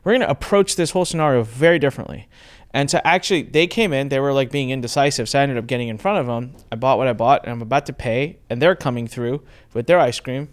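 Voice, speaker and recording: A man's voice: mid-range voice, fast talker. Middle-aged man hosting, earnest storyteller. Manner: earnest storytelling, asks probing questions. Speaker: podcast host. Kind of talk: interview conversation.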